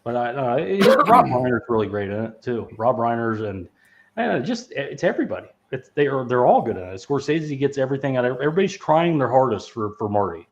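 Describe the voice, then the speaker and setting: A man's voice: medium pitch, big pitch swings, fast talker. A man hosting a podcast, chatting casually about movies in a rambling, profane way, laughing often and full of fillers and restarts. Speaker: podcast host. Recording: dull lo-fi sound.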